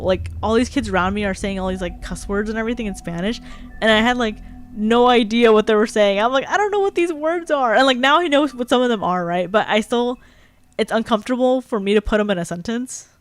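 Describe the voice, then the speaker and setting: A young woman talks loosely and at length on her stream, stringing thoughts together with constant fillers. Her voice sits at an ordinary pitch for a woman. Soft music plays faintly underneath. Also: brisk. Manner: chatty, rambling, heavy use of "like". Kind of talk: casual live-stream chat. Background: faint background music.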